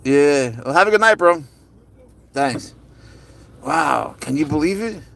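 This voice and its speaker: Man gushing over his cat, gravelly. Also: expressive, slow pace, a bit bright. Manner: doting, gushes at his cat in a high baby-talk voice. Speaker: pet owner vlogger. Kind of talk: casual live-stream chat. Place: inside a car.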